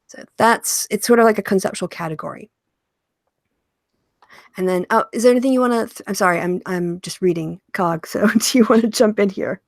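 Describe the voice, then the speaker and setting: A woman's voice: mid-range voice, fairly quick, gravelly, no room sound, studio quality. A woman hosting a casual interview chat, thinking aloud and reading definitions before explaining them. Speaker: podcast host.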